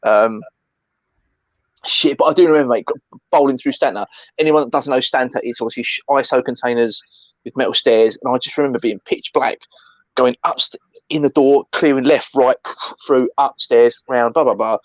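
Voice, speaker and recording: A man co-hosting a casual chat, telling stories with animated energy, acting out other people and swearing freely. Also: mid-range voice, moderate pace, no echo, muffled recording. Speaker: co-host.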